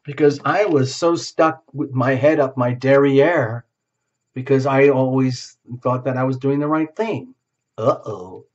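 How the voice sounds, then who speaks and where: A man's voice: medium pitch, measured pace, dull audio. A man giving a casual tarot reading who talks in a chatty way, laughs often and acts out bits of dialogue. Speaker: tarot reader. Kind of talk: solo tarot reading to camera.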